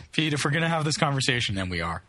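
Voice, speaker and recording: A man's voice: mid-range voice, pushed and bright, dry recording. A man co-hosting a casual movie-review chat, opinionated and profane in his rants.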